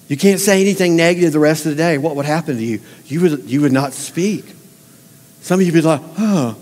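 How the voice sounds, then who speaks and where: A man preaches to his congregation in a folksy, emphatic way, often pausing to put questions straight to them. His voice sits fairly high for a man. A long reverb trails off each line, the way it does in a church sanctuary. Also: darkish tone. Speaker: pastor. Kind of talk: sermon.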